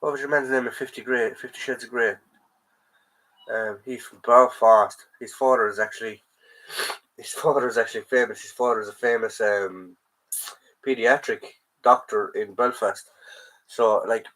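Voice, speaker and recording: A man's voice: medium pitch, fairly even intonation, moderate pace, sharp tone, rough recording. An Irish man with a sore throat hosting a casual live stream, rambling and answering chat comments as he goes.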